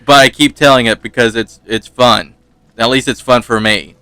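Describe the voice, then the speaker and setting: Bright-voiced man rambling through a story. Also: mid-range voice, fairly even intonation, moderate pace, clean tone, no room sound. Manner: rambling, self-mocking, laughs often. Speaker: gaming channel host. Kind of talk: casual storytelling over gameplay.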